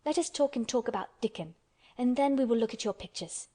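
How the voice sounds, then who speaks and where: A woman's voice: on the high side, brisk, mellow, natural voice. A woman voicing a blunt, stubborn young orphan girl who speaks earnestly in a storybook. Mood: eager. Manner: earnest, contrary storybook telling.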